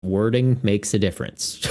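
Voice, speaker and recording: A man's voice: lowish voice, normal speed, a little mellow. A man chatting casually on a live stream as a tournament organizer, laughing often and joking with his viewers.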